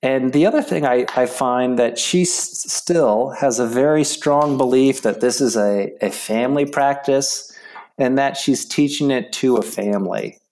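A middle-aged man speaks as an interview guest, telling a story in a halting, stop-start way. His voice sits at an ordinary pitch. He restarts his sentences often and fills the gaps with ums. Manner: halting, with many restarts and fillers, animated when quoting. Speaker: interview guest, yoga practitioner.

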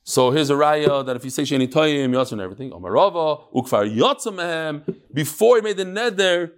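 A middle-aged man giving an informal Talmud lesson, explaining step by step with quick asides. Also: on the high side, expressive. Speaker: Talmud class teacher.

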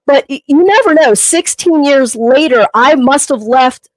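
A woman's voice: sits high, lively intonation, unhurried, no room sound, rough recording. Chatty woman, emotional rambling storyteller. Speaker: personal trainer and podcast co-host. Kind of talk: casual podcast chat.

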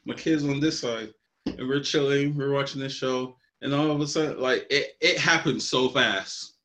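Laid-back young dad telling a story. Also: male voice, mid-range voice, moderate pace, pushed and bright. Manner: laid-back storyteller, laughing, dramatic asides. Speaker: podcast co-host. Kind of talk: casual chat.

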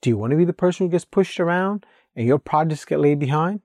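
A man's voice: a little high, expressive, fast, darkish tone, no echo. A man working as a real estate agent, giving blunt, emphatic advice in a casual talk straight to his viewers. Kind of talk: casual direct-to-camera advice monologue.

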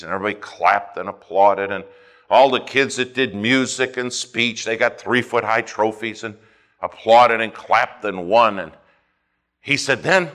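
A man preaching a fervent sermon, swinging between loud emphasis and hushed asides as he tells a story. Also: medium pitch. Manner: storytelling with quoted dialogue.

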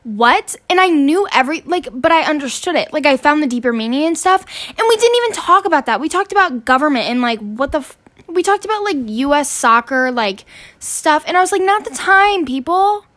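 Speaking briskly in a high, expressive, slightly bright voice, a teen girl vents on her student podcast, cursing in exasperation as she rambles and keeps starting over.

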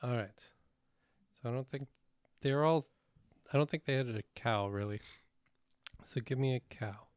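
A man co-hosting a casual podcast, relaxed and teasing, leading the segments. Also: medium pitch, moderate pace, clear, resonant tone, no echo, clean studio sound. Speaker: podcast co-host. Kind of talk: casual chat.

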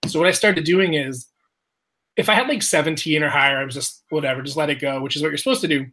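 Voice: medium pitch, brisk, fairly bright tone. A person telling a casual story, swearing often, laughing and acting out the quotes of others.

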